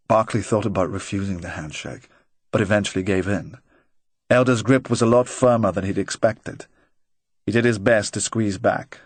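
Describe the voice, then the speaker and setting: A man narrating a crime novel in a measured, even reading. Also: lowish voice, dry recording. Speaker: audiobook narrator. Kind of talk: scripted narration.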